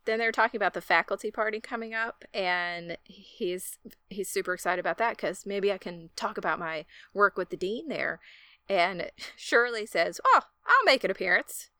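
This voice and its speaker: A woman's voice: medium pitch, normal speed, clear, resonant tone, dry recording, studio quality. A woman co-hosting a casual chat, retelling film scenes with jokey asides. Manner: lively storyteller, jokey asides. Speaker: podcast co-host.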